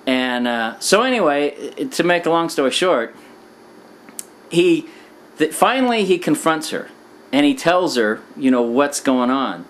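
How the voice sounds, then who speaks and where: A man casually telling a rambling anecdote, full of "you know" and "like", acting out quoted lines with sudden pitch jumps. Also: very animated, measured pace, slight background noise. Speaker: storyteller.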